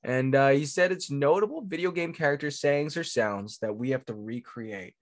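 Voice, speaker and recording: A man hosting a podcast in relaxed, slangy banter with his co-host. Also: medium pitch, normal speed, no room sound. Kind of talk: casual chat.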